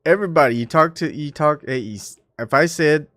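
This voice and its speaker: A man's voice: fairly high pitch, brisk, fairly bright tone, no room sound. Guy rambling on his live stream, self-mocking, lots of um and uh, dry close mic. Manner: rambling, self-mocking, with many fillers and restarts. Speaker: YouTube channel host. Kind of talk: casual live-stream chat.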